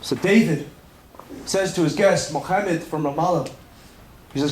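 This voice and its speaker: A rabbi tells a sermon story with animated delivery and breaks into bits of melody. His voice sits high. It echoes around a room with a faint ambient hum behind it. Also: measured pace. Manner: animated, sings snatches of melody.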